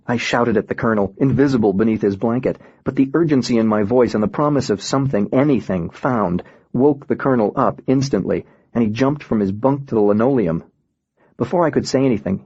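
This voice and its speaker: A man narrating an audiobook in the first person with a steady, reflective reading. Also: medium pitch, fairly quick, slightly rough, dry recording, muffled recording.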